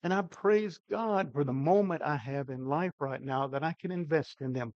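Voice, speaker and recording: An older man preaching a sermon with emphatic, dynamic delivery, his loudness swinging widely. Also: fairly high pitch, normal speed, dry recording, muffled recording. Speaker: pastor.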